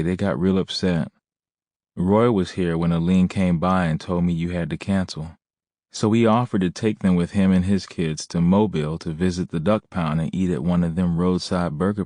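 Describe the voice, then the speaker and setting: A man's voice: low-pitched, warm tone, no echo, lightly acted. A man reading an audiobook, voicing an eager, affectionate young mother with a sweet, familiar manner. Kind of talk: audiobook character voice.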